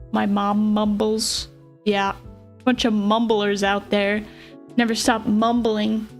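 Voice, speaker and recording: Slow-talking giggly young woman streamer. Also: mid-range voice. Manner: rambling, giggly, self-deprecating; mumbles a little. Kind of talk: casual livestream chat. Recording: faint music behind.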